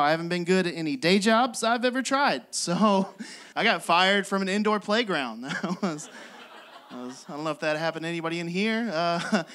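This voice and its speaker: A man's voice: high-pitched, bright, forceful tone. A young man doing a self-deprecating stand-up set on a club stage, often laughing through his lines. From West Virginia. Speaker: stand-up comedian.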